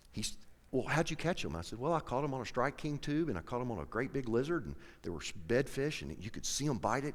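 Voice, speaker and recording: A man telling a folksy, animated story to a live audience, acting out both sides of the conversation. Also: medium pitch. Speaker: professional angler speaking to an audience. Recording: echoey hall with long reverb.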